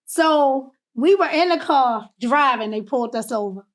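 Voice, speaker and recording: This is a woman from Baltimore, a guest on a podcast, recounting her own past in plain, candid words. Her voice sits a little high, and she turns quiet and tender when the memories hurt. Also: animated, unhurried. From Baltimore, USA. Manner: candid, emotional, drifts soft on painful parts. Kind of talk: personal storytelling.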